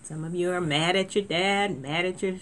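A woman's voice: lowish voice, moderate pace, a little hiss or hum. A woman preaching a sermon in a conversational way, with restarts and sudden emphatic lifts.

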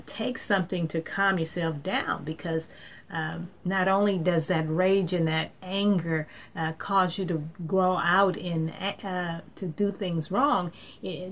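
Woman preacher, low-ish voice, earnest sermon delivery. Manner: earnest, repeats words, rising emphasis; reads scripture aloud.

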